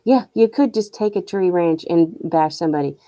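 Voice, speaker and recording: Young woman streamer ranting, swears a lot, lowish mellow voice, dry sound. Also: normal speed, no room sound. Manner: blunt, profane, opinionated. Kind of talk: casual rant while streaming.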